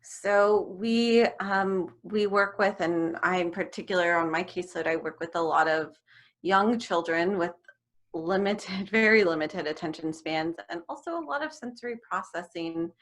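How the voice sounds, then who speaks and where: Woman guest, young adult, lively and laughing, video call. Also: on the low side, normal speed. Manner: animated, laughs often while talking. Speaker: music therapist guest. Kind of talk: casual interview chat.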